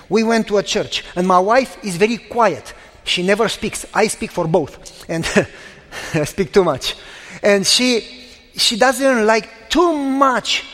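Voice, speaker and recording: A middle-aged man preaching a sermon, telling stories emphatically with dramatic pauses and repetition. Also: high-pitched, a bit bright. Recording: long reverb of a large hall.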